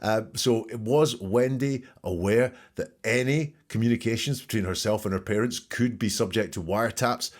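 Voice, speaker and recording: A man's voice: on the low side, normal speed, few pauses. A man hosting an analytical commentary, probing and rephrasing quotes as he asks questions. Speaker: host.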